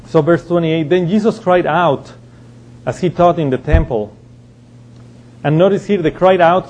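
Mellow-voiced man teaching Bible verses. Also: fairly high pitch, rough recording. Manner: reads scripture aloud and explains verse by verse, with restarts.

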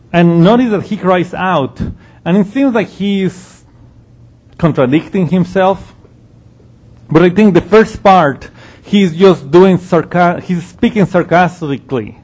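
A man leads a Bible study, explaining the text in an easy conversational manner. He thinks aloud and restarts his sentences now and then. His voice is a bit higher than most men's. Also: expressive, measured pace, darkish tone, breathy edge. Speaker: Bible teacher. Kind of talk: expository Bible teaching.

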